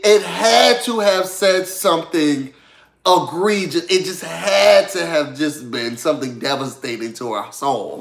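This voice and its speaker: A man recapping a reality show in casual, gossipy chat, talking straight to his viewers. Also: high-pitched. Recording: echoey room.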